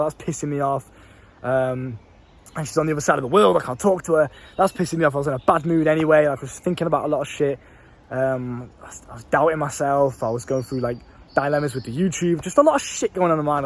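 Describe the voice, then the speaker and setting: Young man, blunt casual talk, swears a lot, slightly high voice. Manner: blunt, swears freely, storytelling. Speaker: dating coach vlogger. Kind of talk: casual monologue to camera.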